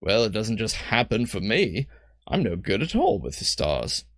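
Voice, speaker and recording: A man's voice: lowish voice, huge pitch swings, moderate pace, a bit bright, no echo, studio quality, exaggerated voice. A man voicing an earnest, unsure young male squire from a fantasy game, attempting a British accent.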